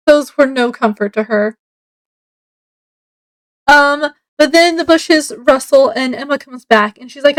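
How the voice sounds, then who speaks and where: A woman's voice: high voice, measured pace, pauses often, low-quality recording. A woman reviewing a book casually, summarizing the plot in a chatty, meandering way with many fillers.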